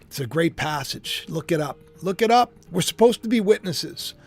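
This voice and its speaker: A man's voice: fairly high pitch, expressive, normal speed, soft background music. A man hosting his own channel, talking to viewers in a rambling, conversational way, full of restarts and asides. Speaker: host. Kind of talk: casual speculative monologue.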